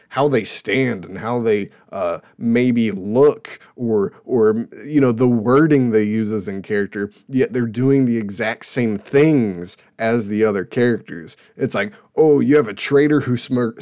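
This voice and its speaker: A man's voice: medium pitch, unhurried, hardly any pauses, a little mellow. A young adult man hosting a casual show, rambling sarcastically about television and laughing at his own jokes. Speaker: podcast host reviewing TV shows. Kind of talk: casual opinionated chat.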